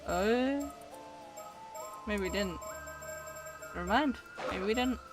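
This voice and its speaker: A woman's voice: medium pitch, takes it slowly, music in the background. A woman streaming a game, chatting casually in a rambling, giggly way as she plays. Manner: rambling, giggly, self-correcting. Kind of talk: casual gameplay commentary.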